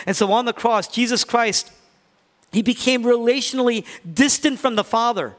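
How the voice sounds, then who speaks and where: A man preaching a sermon as pastor, swinging between loud declarations and hushed near-whispers. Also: very high-pitched, moderate pace. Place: church hall. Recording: hall reverb.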